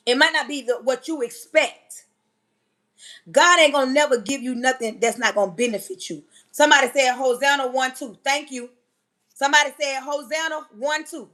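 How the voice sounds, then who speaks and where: A woman preaching on a live stream, emphatic and yelling, firing rhetorical questions at her listeners. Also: high voice. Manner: yelling and emphatic, banging on the table.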